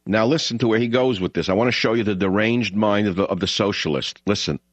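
A man's voice: fairly low pitch, fast talker, no room sound. A man hosting a talk radio show, ranting and mocking in a combative monologue. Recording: slightly dull lo-fi broadcast audio.

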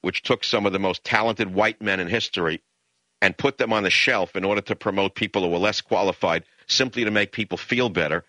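An older man from the Bronx delivers an impassioned talk-radio monologue. His low voice has a hard, forceful edge, and the sound is dry and close with no room around it. He leans into emphatic, ranting stretches and jumps up high to mock. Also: brisk, no echo. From the Bronx, New York. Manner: emphatic, ranting, swings into high mocking outbursts.

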